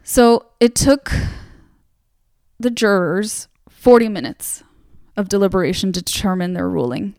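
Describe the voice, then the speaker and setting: A woman's voice: medium pitch, unhurried, darkish tone, dry recording, studio quality. A woman hosting a casual true-crime podcast, retelling a case in a conversational way with plenty of fillers. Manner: conversational storytelling, many fillers. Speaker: podcast host.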